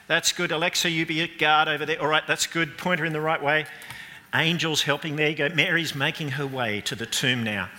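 In a reverberant church hall, a pastor with a fairly high, brisk, sharp voice delivers an all-age Easter sermon. He playfully coaches volunteers through a re-enactment, giving running stage directions.

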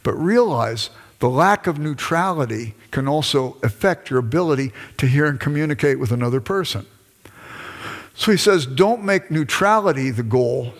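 An older man giving a conversational lecture to a class, acting out bits of dialogue with his wife as he goes. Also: on the high side. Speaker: lecturer, former pastor. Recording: long reverb from a hall.

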